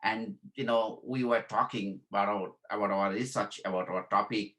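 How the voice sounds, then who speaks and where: The audio is poor as a Bangladeshi workshop instructor teaches informally in a lowish, steady voice at a moderate pace. He repeats his points, keeps asking "okay?", and acts out dialogue in a quieter tone.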